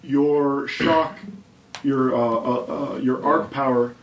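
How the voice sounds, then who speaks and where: A man's voice: medium pitch, steady tone, distant mic. Man running a tabletop game, roomy and off-mic. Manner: explains rules, then slows down for vivid scene narration. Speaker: game master. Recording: roomy, a little off-mic, faint background hum.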